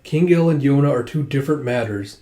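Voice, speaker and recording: A man's voice: mid-range voice, a little fast, lightly acted. A man voicing a coldly composed boy prince. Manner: calm, dispassionate. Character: cool, composed nine-year-old boy prince.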